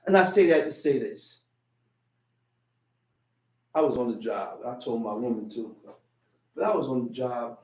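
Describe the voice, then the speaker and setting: A man's voice: medium pitch, animated, measured pace, long pauses, a little mellow. A man preaching a sermon, telling a personal story and acting out the voices in it. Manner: storytelling, acts out voices in quotes. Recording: echoey room, mic at a distance.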